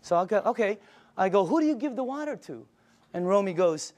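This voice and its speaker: An older man giving a sales pitch, enthusiastic and emphatic, telling stories to his audience. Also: expressive, a little fast, a faint crowd. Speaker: sales presenter.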